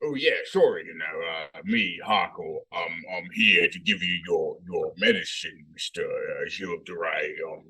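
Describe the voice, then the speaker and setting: A man's voice: low-pitched, normal speed, hardly any pauses, bright, forceful tone, husky. A man playing a tabletop game in character, flustered and stumbling over his words. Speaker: player.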